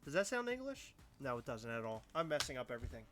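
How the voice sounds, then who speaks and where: A man's voice: mid-range voice, big pitch swings, fast talker, fairly bright tone, soft background music. A man co-hosting a casual livestream podcast, joking around in a goofy, over-the-top way. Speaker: podcast co-host.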